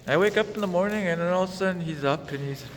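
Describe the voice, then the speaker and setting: A man's voice: sits high, very fast. Man, exasperated storyteller, casual vlog, roomy echo, faint background noise. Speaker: vlogger.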